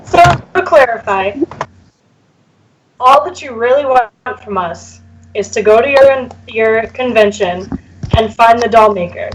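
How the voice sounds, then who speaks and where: Woman player at a tabletop game, slightly high voice, direct and pointed. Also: lively intonation, measured pace, slight background noise, rough recording. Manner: direct and questioning. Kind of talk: casual in-character game talk.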